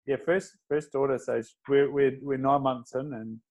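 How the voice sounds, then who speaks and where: A man hosting a podcast, speaking in warm, hesitant casual chat that repeats his words. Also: mid-range voice, steady tone, moderate pace, low-quality recording. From outside Australia. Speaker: podcast host.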